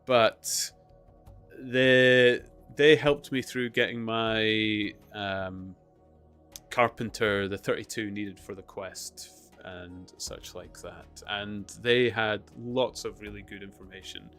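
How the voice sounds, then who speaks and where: A man's voice: fairly low pitch, steady tone, takes it slowly, a bit bright, faint music behind. A man hosting a live stream, chatting casually in a rambling way with lots of fillers and chuckles. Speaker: streamer host.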